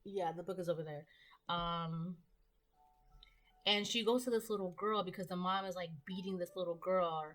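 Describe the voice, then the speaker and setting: A woman's voice: on the low side, steady tone, normal speed, fairly bright tone. A woman giving a casual tarot reading to camera, chatty and rambling with many fillers and asides. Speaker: tarot reader.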